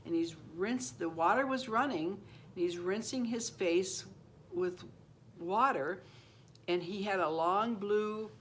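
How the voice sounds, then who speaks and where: A woman's voice: slow pace, slight background noise. A woman in her seventies telling a personal story in a casual, rambling way, restarting and repeating phrases and acting out the voices of the people she quotes. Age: 70s. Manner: acts out quoted voices, rising high for a child. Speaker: channel host.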